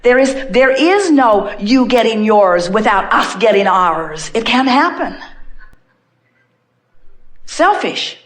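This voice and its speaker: A woman's voice: a little high, expressive, unhurried, few pauses. A woman giving an inspirational talk to an audience as a spiritual teacher. She speaks as a collective "we", repeats phrases for emphasis and stretches out key words.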